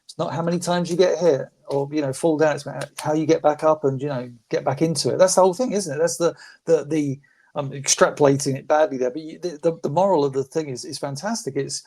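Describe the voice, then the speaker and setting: A man's voice: a little high, fairly even intonation, fast, darkish tone. Rambling man on a phone mic. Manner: rambling, restarts, swears, laughs a lot. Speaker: podcast regular. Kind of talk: casual podcast chat.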